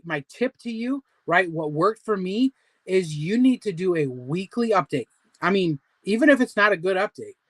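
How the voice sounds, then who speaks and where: Here a man in his forties speaks in a high-pitched, fairly bright tone, recorded without echo. Hosting an informal livestream for people trying to lose weight, he cheers his audience on in a meandering, motivational way thick with fillers.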